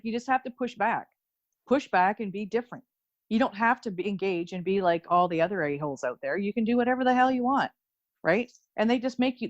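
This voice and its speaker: A woman's voice: medium pitch, dry recording, muffled recording. A woman from Ontario, Canada, a guest on a casual podcast, talking bluntly with plenty of swearing and frequent laughter. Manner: blunt, profane, laughs often. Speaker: guest, intuitive medium and Reiki teacher.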